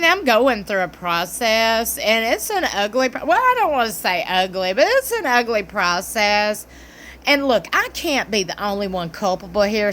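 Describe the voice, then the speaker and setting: A woman's voice: medium pitch, bright, forceful tone, slight background noise, pitched below the performer's own voice. A woman mimicking a hedging, evasive middle-aged man. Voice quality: hesitant, hedging, mumbled.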